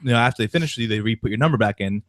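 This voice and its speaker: A man's voice: mid-range voice, rapid-fire, no room sound. A young man on a sports talk show, telling a long story in casual chat and acting out the people in it. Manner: animated anecdote-telling, acts out quoted voices. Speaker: podcast co-host.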